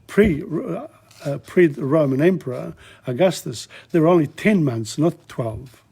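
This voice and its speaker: Rambling older man teaching, husky voice. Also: on the high side, lively intonation, a little slow, mellow. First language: Italian. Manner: rambling, repetitive, many fillers and restarts. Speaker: language teacher. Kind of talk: casual spoken lesson.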